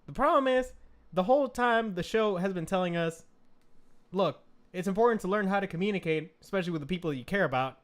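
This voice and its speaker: A man co-hosting a casual anime discussion, animated and swearing freely, sometimes shouting when excited. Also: high-pitched, fast talker. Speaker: co-host.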